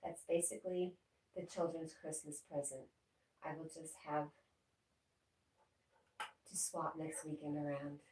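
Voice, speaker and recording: A woman reading viewers' chat aloud in a relaxed live stream, breaking off to coo and laugh at her pets in a sing-song baby talk. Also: sits low, measured pace, long pauses, far from the mic. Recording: echoey room, voice a bit off-mic, faint noise.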